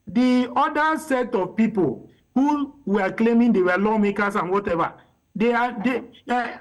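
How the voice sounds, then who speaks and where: A man argues his point on a television news interview, pressing hard with rhetorical questions. His voice sits high for a man. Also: rough recording. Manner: emphatic, argumentative, rhetorical questions. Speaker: interview guest. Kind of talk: live interview.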